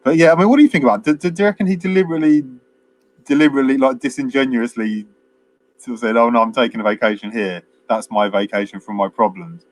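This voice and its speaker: A man's voice: medium pitch, fast talker. A man, chatting casually as a podcast co-host and retelling film scenes at length with many fillers. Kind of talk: casual film review chat.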